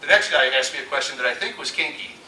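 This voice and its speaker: A man giving a storytelling keynote talk, animated and acting out the voices he quotes. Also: medium pitch, fast talker, a crowd in the background. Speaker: conference speaker. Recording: echoey hall from far off.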